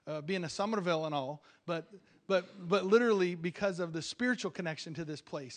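A man delivers a sermon in a church with a notably high-pitched voice. He preaches emphatically as a visiting pastor. He often repeats his opening words and calls out for amens. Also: fairly bright tone.

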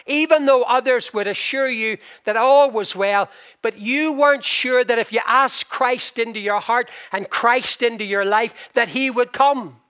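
An older man with a high-pitched voice preaches a passionate sermon. He slows down for emphasis and swings between loud and soft.

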